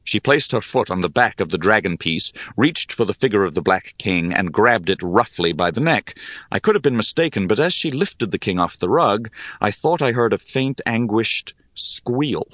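A man reading a story aloud in measured, expressive narration. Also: on the low side, dry recording, studio quality. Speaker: audiobook narrator. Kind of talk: scripted narration.

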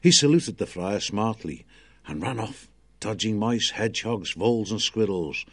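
Low husky guy reading a storybook, measured pace. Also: expressive, fairly bright tone. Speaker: narrator. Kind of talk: audiobook narration.

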